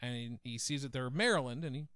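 A man's voice: mid-range voice, fast, a bit bright, no echo, clean studio sound. A man co-hosting a podcast, telling rambling stories in casual, profane chat. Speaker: podcast co-host. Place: small podcast studio.

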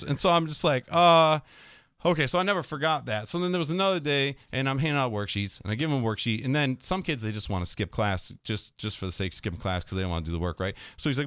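A man's voice: medium pitch, quick pace, smooth, no echo, studio quality. A man who teaches middle school, telling stories in casual podcast chat and acting out his students' voices. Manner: animated storyteller, acts out students' voices.

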